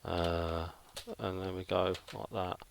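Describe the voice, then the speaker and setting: A man's voice: low voice, little pitch movement, slow pace, vocal fry, a little hiss or hum. A middle-aged man who chats casually while drawing, rambling and thinking aloud with lots of fillers. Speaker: illustrator.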